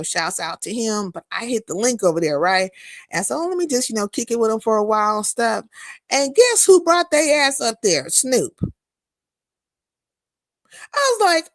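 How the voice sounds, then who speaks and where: A woman's voice: no room sound, clean studio sound. Blunt, profane woman live streamer. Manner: blunt and profane, animated swings in pitch. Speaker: live streamer and content creator. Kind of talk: casual live-stream chat, reading and answering comments.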